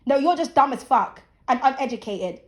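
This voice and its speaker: In her thirties and hosting her own channel, a woman gives an animated, high-pitched opinion rant to camera at normal speed. She's casual yet preachy, blunt and full of profanity.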